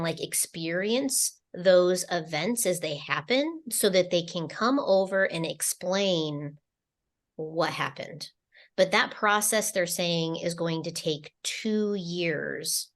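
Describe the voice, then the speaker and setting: A woman co-hosting a spiritual podcast, relaying channeled messages in a casual, meandering way with lots of fillers and restarts. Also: lowish voice. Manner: slow, meandering delivery with many fillers and restarts.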